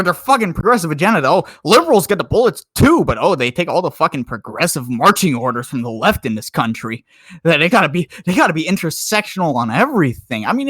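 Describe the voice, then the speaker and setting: A drunk man cohosting a podcast, ranting loudly with constant swearing and mocking laughs. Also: high voice, no room sound, clean studio sound. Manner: loud, swearing, mocking, laughs between insults. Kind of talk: drunken profane rant.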